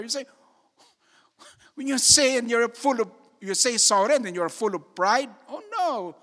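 Male preacher, sermon, unhurried emphatic delivery, rhetorical questions, long hall echo. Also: very high voice, animated, a bit bright.

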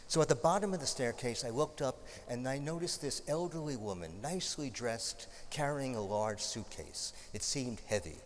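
A man's voice: mid-range voice, lively intonation, moderate pace, hardly any pauses, in a large hall, slight background noise. A male preacher giving a sermon, telling stories in a conversational way with light humorous asides.

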